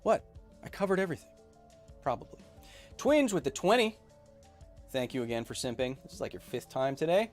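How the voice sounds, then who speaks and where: Jokey guy streaming, pitch bouncing all over, faint music under him, lots of ums. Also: a little fast, long pauses. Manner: animated and jokey, with many ums and playful outbursts. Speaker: podcast host answering live chat. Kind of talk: casual live-stream chat.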